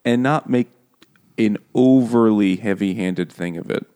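A man in casual book talk, speaking in a dry, wry, deliberate way. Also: on the low side, a little mellow.

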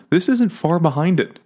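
A man co-hosting a casual book podcast, tossing in quick jokes and laughing often. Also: fairly high pitch, a little mellow. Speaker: podcast co-host. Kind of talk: casual book-club chat.

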